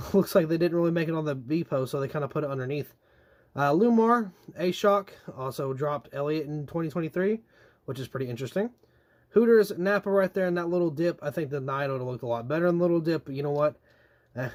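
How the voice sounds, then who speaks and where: A young man reviewing diecast race cars in a chatty, animated way, with slangy asides and drawn-out complaints. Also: a little high. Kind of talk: casual product review.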